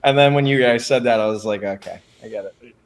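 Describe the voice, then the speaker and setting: A man's voice: mid-range voice, fast. A man co-hosting a movie review show, laid-back, asking questions and prompting the others to talk. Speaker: movie review podcast co-host. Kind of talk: casual chat.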